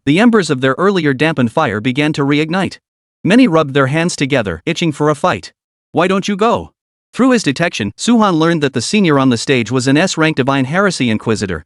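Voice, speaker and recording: A man narrating a fantasy story recap in a steady, dramatic storytelling manner. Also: a little high, dry recording, studio quality.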